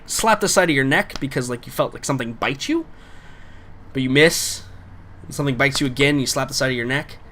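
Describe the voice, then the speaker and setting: A man running a tabletop game who describes scenes in a loose, rambling way, full of fillers. His voice sits at a middle pitch, with a faint hiss behind it. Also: fairly bright tone. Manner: casual, rambling with many fillers. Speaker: game master.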